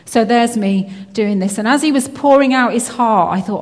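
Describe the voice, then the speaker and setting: Woman speaker, chatty testimony, fillers and restarts, mid pitch, long hall reverb. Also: moderate pace, a little mellow. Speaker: Christian speaker. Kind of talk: personal faith testimony.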